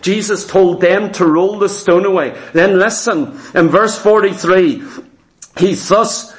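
Man with a really high voice preaching hard, lots of questions at the crowd, echoey church. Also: takes it slowly. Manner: fervent, rhetorical questions to the congregation. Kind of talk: sermon.

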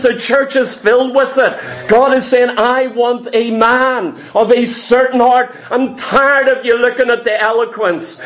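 A man's voice: very high voice, fairly bright tone. A man preaching a sermon to a congregation, with an emphatic, repetitive cadence.

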